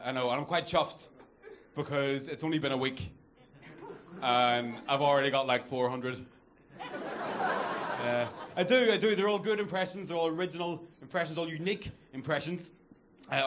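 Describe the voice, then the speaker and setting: Crude Northern Irish stand-up comic. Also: male voice, a little high, normal speed, long pauses, slight background noise. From Northern Ireland. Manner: crude, self-mocking banter with the crowd. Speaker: stand-up comedian. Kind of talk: stand-up comedy set. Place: comedy club stage, laughing audience. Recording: live club recording with loud crowd. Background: audience laughter.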